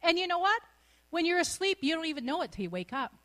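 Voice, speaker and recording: Brief: middle-aged woman preacher, high voice with wide swings, bubbly and quick to laugh. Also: very animated, a bit bright. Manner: exuberant, laughs often mid-sermon. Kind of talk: sermon.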